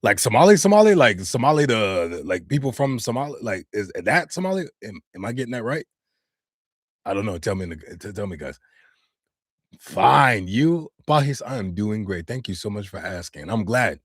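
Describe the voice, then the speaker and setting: American man, casual streamer, lower voice, dry close sound, talks straight to chat. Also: expressive, moderate pace, breathy edge, dry recording. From United States. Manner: chatty, answers viewer comments directly, loose slang. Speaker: live streamer and voice actor. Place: home studio.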